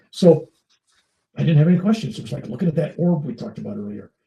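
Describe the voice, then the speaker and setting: A man's voice: a little high, fast talker, gravelly, echoey room, far from the mic, low-quality recording. An older man being interviewed, telling a personal story in casual conversation and acting out the voices in it. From United States. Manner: animated, acts out dialogue in his story. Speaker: interview guest.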